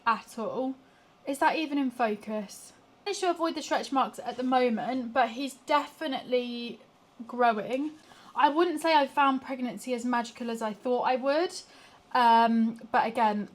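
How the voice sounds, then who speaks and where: A young British woman, pregnant, records a casual vlog on a small handheld gimbal camera, moving between her home and walks outdoors and making self-deprecating asides. She has a slightly high voice, and there's slight background noise.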